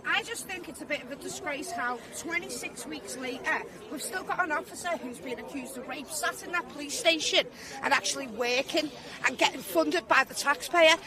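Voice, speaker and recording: A woman's voice: high-pitched, normal speed, hardly any pauses, distant mic. A woman supporter speaking outraged and emotional outdoors at a protest. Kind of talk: emotional street speech. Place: outdoors on a city street at a protest. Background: crowd noise.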